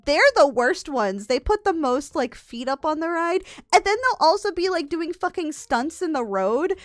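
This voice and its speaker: A woman's voice: high-pitched, lively intonation, moderate pace, dry recording, clean studio sound. A young woman chatting as a guest, telling candid, exasperated stories from working a theme park ride. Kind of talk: casual chat.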